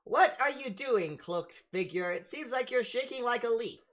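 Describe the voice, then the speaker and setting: A woman voicing a fussy talking cat that scolds the adventurers in a high, loud voice. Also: lively intonation, normal speed, close to an everyday voice. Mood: curious.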